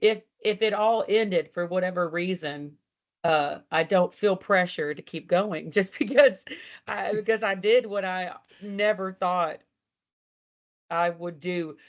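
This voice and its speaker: A woman's voice: fairly low pitch, takes it slowly, lo-fi sound. A woman country singer from Texas, telling stories casually in an interview and acting out conversations, talking over a video call while she walks around her house. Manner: chatty, laughing, swears, acts out dialogue. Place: at home, walking around the house. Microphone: video call from a laptop.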